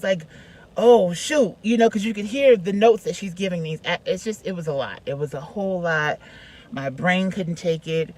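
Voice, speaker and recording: Woman vlogger, storytime, chatty and slangy, swings from hushed to loud. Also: fairly low pitch, rough recording. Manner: chatty, slangy, lots of "like" and "you know". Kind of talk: casual storytime.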